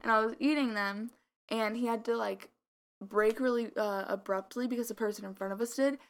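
A woman's voice: on the high side, steady tone, fairly quick. A young woman co-hosting a podcast in casual chat, rambling with lots of filler words and a slight mumble. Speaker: podcast co-host.

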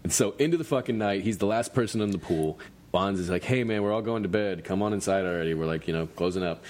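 A man's voice: low voice, fast talker, a little mellow. A man hosting a podcast, telling a rowdy party story in casual, profane chat, often laughing. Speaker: podcast host.

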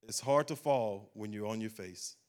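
A man's voice: on the low side, moderate pace. A man, a pastor preaching a sermon at a church service and closing in a rising, fervent prayer.

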